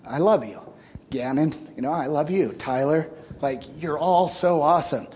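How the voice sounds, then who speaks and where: A man in his thirties talks to his church group in an earnest, casual way. His voice sits a little higher than most men's. He speaks plainly and warmly to the young men in front of him, and his feeling shows through. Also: normal speed. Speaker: church member giving a farewell talk. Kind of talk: informal church talk.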